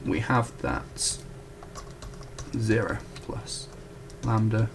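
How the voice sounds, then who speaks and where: A young student tutor drawls through a math proof at the whiteboard, his low, gravelly voice stretching out words amid background noise. He's casual and chatty, correcting himself and apologizing along the way.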